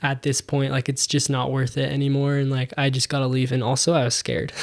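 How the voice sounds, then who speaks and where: A young adult man, a podcast guest, telling a story in a casual, animated way, full of fillers and acted-out dialogue. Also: mid-range voice, fairly quick, creaky. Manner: animated, acts out quoted dialogue, many fillers.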